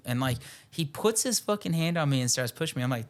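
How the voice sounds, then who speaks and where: A man's voice: mid-range voice, fast, hardly any pauses, a bit bright. Rambling, profane young man telling a story. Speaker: podcast co-host. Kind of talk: casual storytelling chat.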